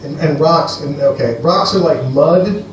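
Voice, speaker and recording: A man from Greece doing a rambling, deadpan stand-up set for a live audience at a comedy venue. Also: a little high, unhurried, far from the mic, slight background noise. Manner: rambling, deadpan, playful with the crowd. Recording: echoey live room, heard from afar.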